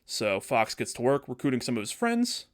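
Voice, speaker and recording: Man animatedly pitching a story. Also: normal speed. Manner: animated, acting out characters. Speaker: podcast host.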